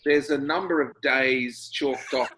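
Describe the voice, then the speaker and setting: A man's voice: mid-range voice, measured pace, noisy background. A man in his fifties with an Australian accent, chatting as a guest over a video call in a reflective, rambling way with dry humor. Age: 50s. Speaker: guest, singer-songwriter. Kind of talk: casual interview chat.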